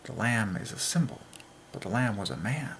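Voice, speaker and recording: A man hosting a religious monologue, excitedly working through letter counts and dropping into whispers to stress a point. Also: on the low side, normal speed, slight background noise. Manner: excitable, drops into whispers for emphasis. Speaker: channel host.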